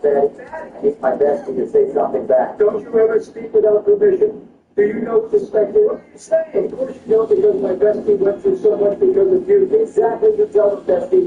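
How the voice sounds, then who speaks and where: A man performing a comedic skit over gameplay, switching between a deep bossy voice and high whiny ones. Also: gravelly. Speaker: gaming video creator. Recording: roomy, distant, dull sound with faint music.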